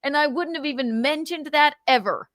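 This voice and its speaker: A woman's voice: high voice, moderate pace, fairly bright tone, no room sound. A woman hosting a livestream, chatting and gossiping with lots of laughs, swearing and mocking impressions. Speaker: host. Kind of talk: casual gossip commentary on a livestream.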